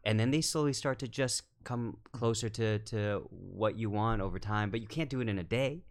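A man, a film director guest on a casual podcast, talking in a measured, thoughtful way with many fillers and restarts. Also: fairly low pitch.

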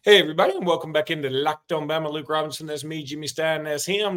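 Man, podcast co-host, casual sports chat, rambling, joking, fairly high voice. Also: fast, fairly bright tone. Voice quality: slightly muffled from a mint.

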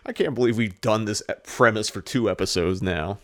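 A man hosting a movie podcast in casual chat, animated and profane, joking and acting out characters. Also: on the low side, moderate pace, hardly any pauses. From Los Angeles area. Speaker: podcast host.

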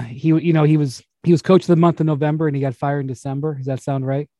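Animated male podcast host, dry sound. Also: on the high side, fast talker, no room sound. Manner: animated storyteller, laughs while telling anecdotes. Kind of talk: casual chat.

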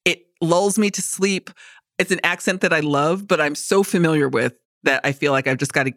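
A woman's voice: deep voice, moderate pace, a bit bright, no room sound, clean studio sound. A woman with a slight New York accent, co-hosting a podcast in a casual chat. She talks freely, laughs often and uses plenty of fillers. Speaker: podcast co-host.

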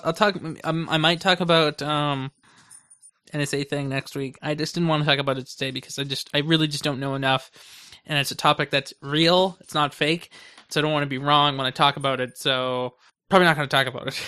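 Bright-voiced young man hosting a podcast. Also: fairly high pitch. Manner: rambling, hesitant, lots of ums. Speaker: podcast host. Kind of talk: casual chat.

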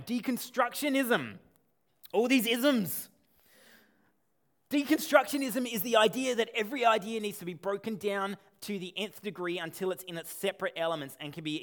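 A man preaching a sermon as a pastor, conversational and animated, with asides and rhetorical questions. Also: high-pitched.

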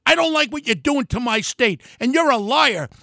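An older man delivering a fiery political rant, yelling and name-calling. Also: very high-pitched, expressive, moderate pace, no room sound, studio quality. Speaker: political commentator.

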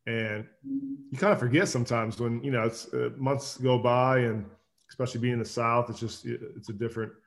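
Relaxed male guest from Minnesota. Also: mid-range voice, a little fast. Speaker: guest, former football player. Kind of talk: casual interview chat.

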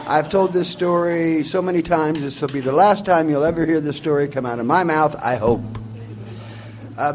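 A man's voice: a little high, slight background noise. A man in his forties telling a long personal story in a rambling, folksy, wry way. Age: 40s. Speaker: singer-songwriter. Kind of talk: storytelling before a song.

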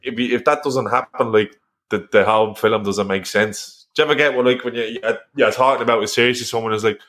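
A man's voice: mid-range voice, steady tone, quick pace, fairly bright tone. An Irish man on a casual podcast, rambling through jokes and swearing freely. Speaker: podcast co-host. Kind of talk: casual banter among friends.

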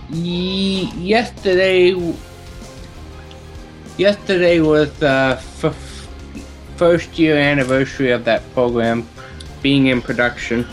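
A man's voice: fairly high pitch, slow pace, pauses often, soft background music. A man co-hosting a podcast in casual chat, making dry, joking asides. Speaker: podcast co-host.

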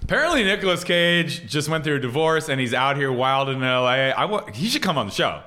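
A man's voice: a little high, quick pace. An American man co-hosting a podcast, joking in casual chat and slipping into silly voices. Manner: animated, jokey, puts on silly voices. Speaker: podcast co-host.

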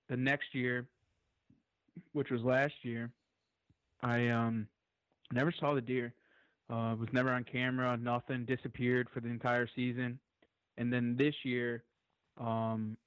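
A man as a podcast guest, telling a long story in an excited, rambling way and swearing freely. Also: mid-range voice, clean tone, dry recording, dull audio.

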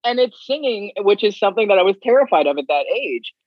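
Husky-voiced man telling stories. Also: high voice, fast talker, no room sound. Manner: animated, acts out others' lines. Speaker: guest. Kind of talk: casual storytelling. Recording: dull, slightly muffled audio.

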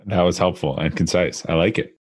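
A man's voice: low-pitched, brisk, breathy edge. A man hosting an interview, giving short replies and framing questions. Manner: brief interjections and framed questions. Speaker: podcast host. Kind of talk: interview conversation.

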